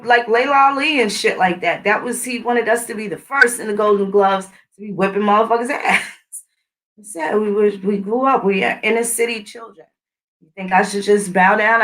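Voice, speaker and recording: A middle-aged channel host rants casually and combatively to her viewers, blunt and often swearing. Her bright voice sits a little higher than most women's, and she's far from the mic.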